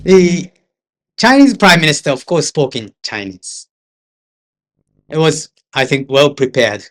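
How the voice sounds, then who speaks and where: A man's voice: a little high, big pitch swings, measured pace, fairly bright tone. An older man with a Japanese accent, an interpreter giving a seminar talk full of anecdotes, sometimes slipping into Japanese asides. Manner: storytelling, switches into Japanese asides. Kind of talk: anecdotal lecture.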